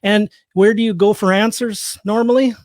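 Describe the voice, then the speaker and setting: Canadian man, fifties, raised on the prairies, slightly high voice, jokey and chatty, dry close sound. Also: fairly even intonation, normal speed, no room sound. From Saskatchewan, Canada. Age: 50s. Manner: chatty, jokey, self-deprecating. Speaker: guest, real estate investor. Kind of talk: casual interview talk.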